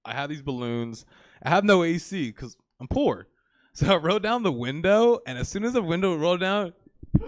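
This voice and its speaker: A man's voice: a little high, expressive, moderate pace, dry recording. A young man in his twenties doing a live stand-up set on a comedy theater stage, rambling and crude, with plenty of "you know" and "like".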